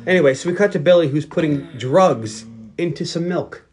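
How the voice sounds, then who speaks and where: A man's voice: fairly high pitch, moderate pace, a little hiss or hum. A man co-hosting a podcast, recapping a film in casual chat with lots of swearing and acted-out lines. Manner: profane, animated retelling with acted-out quotes. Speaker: podcast co-host.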